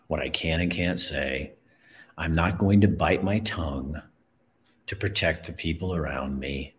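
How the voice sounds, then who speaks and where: A middle-aged man hosts his own show and tells a personal story in a slow, unhurried way. His voice is low and deep, earnest and emotional, and he often repeats himself as he goes. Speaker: show host.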